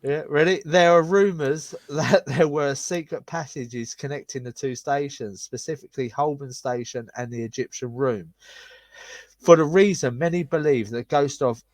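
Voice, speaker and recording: A man's voice: a little high, normal speed, no room sound. Laughing man, dry close sound. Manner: reads articles aloud with stumbles, laughs often. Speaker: podcast co-host. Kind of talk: casual chat reading ghost stories.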